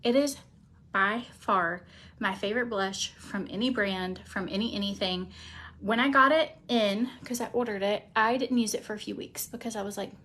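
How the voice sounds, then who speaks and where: A woman chatting casually through a makeup routine, rambling with many fillers and pausing to talk to her cat. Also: mid-range voice, fairly bright tone. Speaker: beauty vlogger.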